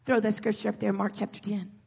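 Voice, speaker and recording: A woman preacher delivering a sermon in a church hall, moving from quiet storytelling to shouted exhortation. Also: medium pitch, little pitch movement, fast, vocal fry, husky. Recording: long hall reverb.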